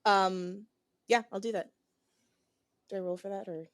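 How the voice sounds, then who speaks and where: A woman's voice: mid-range voice, steady tone, a little slow, dry recording, clean studio sound. A woman playing a tabletop game, chatting casually and thinking aloud with many hesitations. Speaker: player.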